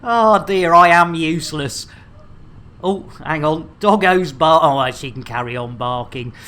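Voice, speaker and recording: A woman's voice: low-pitched, a little slow, fairly bright tone. A woman in her thirties streaming a game, chatting in a rambling, jokey way and stumbling over words with many fillers. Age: 30s. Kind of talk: casual livestream chat.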